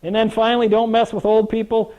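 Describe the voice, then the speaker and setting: Folksy older man with a high voice. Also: completely flat delivery, fairly quick, darkish tone. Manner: folksy storyteller, jokes with the audience, asks rhetorical questions. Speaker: grain marketing presenter. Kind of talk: presentation to a live audience. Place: meeting room with an audience. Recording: dull lo-fi recording.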